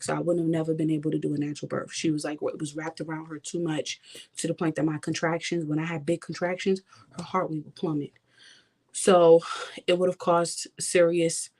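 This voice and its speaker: A woman's voice: low-pitched, darkish tone. A young woman vlogger giving an impassioned personal testimony, talking straight to her viewers. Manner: impassioned, addresses viewers directly.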